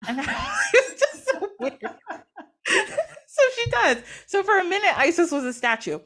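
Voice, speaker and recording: A woman casually retelling a myth, animated and laughing often as she acts out the quotes. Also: very high-pitched, measured pace. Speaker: podcast guest or host.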